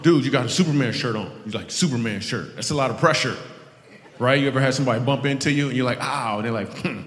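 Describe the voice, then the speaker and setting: A man's voice: medium pitch, rapid-fire. A man doing stand-up comedy, teasing audience members in playful crowd work on stage with a handheld mic. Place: live show in a large venue with an audience. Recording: echoey hall with audience ambience.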